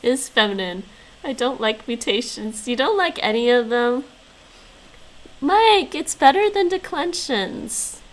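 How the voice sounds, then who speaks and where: A woman's voice: fairly high pitch, lively intonation, a little slow, rough recording. A woman streaming her language practice, repeating words after an app and chatting casually with viewers, often laughing. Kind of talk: casual chat while practising vocabulary.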